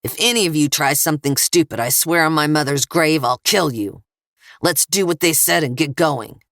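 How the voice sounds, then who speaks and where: A woman voicing a hard-faced husband making quick threats in an audiobook. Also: low-pitched, fairly bright tone, no echo, clean studio sound. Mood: threatening.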